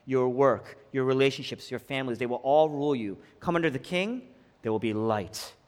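A man's voice: mid-range voice, normal speed. Fervent male preacher in a reverberant church. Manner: dramatic swings between shouting and hushed delivery, rhetorical questions. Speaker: pastor. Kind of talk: sermon. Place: church sanctuary. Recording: long hall reverb.

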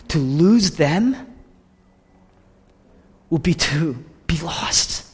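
Man, pastor, sermon, husky tone, lively swinging pitch, long hall reverb. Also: moderate pace. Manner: impassioned preaching, swinging from loud to hushed whispers.

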